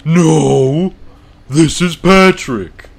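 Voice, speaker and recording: A man doing an impression of a dim, loud cartoon starfish, dragging out slow shouted words. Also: fairly high pitch, creaky, breathy edge, pitched above the performer's own voice, full character voice. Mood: dopey shouting.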